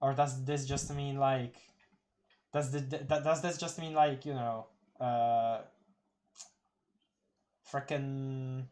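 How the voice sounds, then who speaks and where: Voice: mid-range voice, steady tone, slow, long pauses, darkish tone. A streamer doing a casual live read-through of a webcomic, giggling, rambling and restarting words. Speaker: streamer reading a webcomic aloud.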